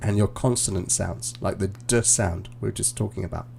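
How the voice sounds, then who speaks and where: A male English teacher giving relaxed, encouraging feedback on a mock speaking test over a live stream, with frequent fillers and restarts. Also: fairly low pitch, moderate pace, vocal fry, slight background noise. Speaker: IELTS teacher and examiner.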